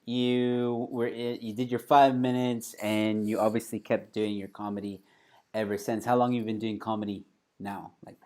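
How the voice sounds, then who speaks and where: A man's voice: fairly low pitch, level tone, moderate pace, a little mellow. A man hosting a casual interview, easygoing and laughing often as he asks questions. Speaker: host.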